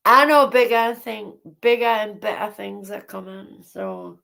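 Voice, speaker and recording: A woman hosting a casual livestream chat, speaking haltingly and repeating herself. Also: medium pitch, vocal fry, sharp tone. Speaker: livestream host.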